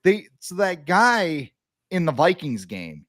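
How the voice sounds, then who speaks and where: Slow and a little high-pitched, this young man's voice comes through on a dry recording. He's a sports podcast co-host who jokes around in an animated, casual way, performing quoted lines in character voices.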